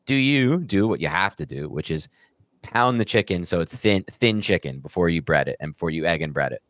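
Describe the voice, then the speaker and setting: A man from the US Northeast co-hosting a sports podcast, animated and opinionated, teasing in a playful way. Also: deep voice, a little fast, no echo, clean studio sound. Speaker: podcast co-host. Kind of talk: casual fantasy football chat.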